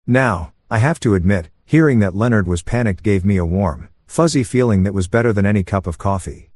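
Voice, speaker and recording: Guy narrating a sleep story, calm and a bit smug, lowish voice, dry close sound. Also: fairly quick, hardly any pauses, no room sound.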